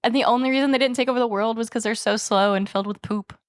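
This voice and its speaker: A woman co-hosting a podcast in a studio, telling stories in an animated way and swearing freely in casual chat. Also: a little high, very fast, no echo. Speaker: podcast co-host.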